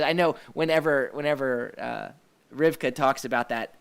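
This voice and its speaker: A man's voice: mid-range voice, moderate pace, clear, resonant tone. A man hosts a casual discussion about a faith-based series. He rambles, trails off and restarts his sentences, with plenty of fillers along the way. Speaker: host of a church discussion show.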